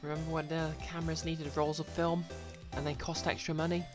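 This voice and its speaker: A low-pitched woman chatting casually while streaming a game, drifting into explanatory asides full of fillers. Loud game music plays under her voice. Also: level tone, fairly quick.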